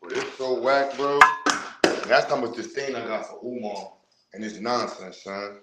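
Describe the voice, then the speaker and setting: A man's voice: mid-range voice, fairly even intonation, moderate pace. A man hosting a livestream, ranting in blunt street slang, rambling and heated. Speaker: livestream host. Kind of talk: casual livestream rant. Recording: roomy, with loud background noise.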